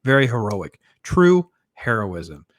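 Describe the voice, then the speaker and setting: A man's voice: on the low side, sing-song, slow pace, dry recording, studio quality. A man giving a casual, enthusiastic film review, rambling with lots of fillers and restarts. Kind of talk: casual spoken movie review.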